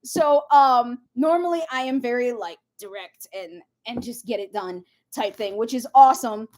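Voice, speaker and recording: A high-pitched woman chats through a tarot reading on a casual livestream. She rambles freely and keeps jumping into side stories, animated and talkative. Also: moderate pace. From Minnesota. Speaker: tarot reader.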